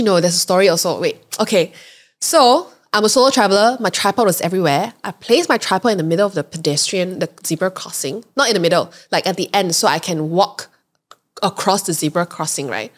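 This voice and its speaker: A woman's voice: medium pitch, moderate pace. Chatty Malaysian woman telling a story. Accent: Malaysian English. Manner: lively storyteller who acts out quoted voices. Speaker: podcast co-host. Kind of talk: casual storytelling chat.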